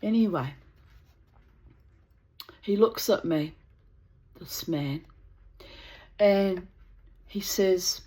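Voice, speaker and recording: Slow-talking blunt woman storyteller. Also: lowish voice. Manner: blunt, profane, animated storytelling. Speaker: vlogger. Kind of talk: storytelling to camera.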